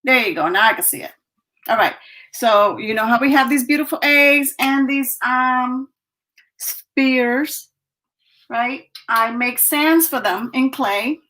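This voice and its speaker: A woman's voice: high voice, slow, bright, forceful tone. A woman on a video call, showing her handmade clay pieces in a chatty, breathless way with little laughs. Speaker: guest artisan. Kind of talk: casual show-and-tell.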